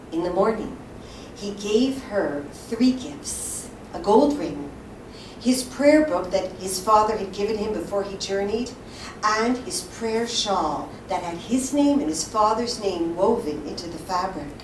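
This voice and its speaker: Expressive woman storyteller in a big room. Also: medium pitch, unhurried. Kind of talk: live folk tale telling. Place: synagogue hall. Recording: roomy, distant live mic, faint hiss.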